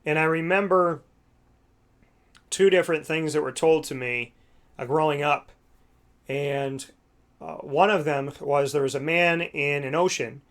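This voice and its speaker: A man's voice: a little high, fairly bright tone. A man hosting a talk show, telling a parable in a folksy, filler-heavy way and acting out the voices in it. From United States. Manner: folksy, with many fillers, acts out voices in the story. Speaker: radio show host. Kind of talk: reflective talk with a told parable.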